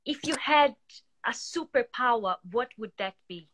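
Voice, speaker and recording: A woman, a non-native English speaker whose first language is Portuguese, hosting an interview with encouraging, slightly halting phrasing. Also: a little high, expressive, fairly bright tone. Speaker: podcast host. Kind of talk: interview conversation.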